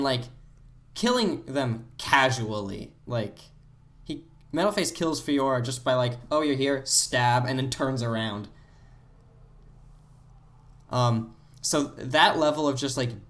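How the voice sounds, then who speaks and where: A man's voice: medium pitch, a bit bright. A man co-hosting a casual gaming podcast, musing thoughtfully with frequent "like" fillers. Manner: thoughtful, heavy use of "like" fillers. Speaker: podcast co-host. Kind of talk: casual chat about video games.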